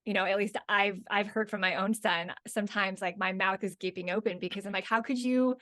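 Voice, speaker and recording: A woman in her thirties co-hosting a casual podcast, telling expressive stories about her young son. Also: mid-range voice, a little fast, no echo, clean studio sound. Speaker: podcast co-host. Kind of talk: casual chat.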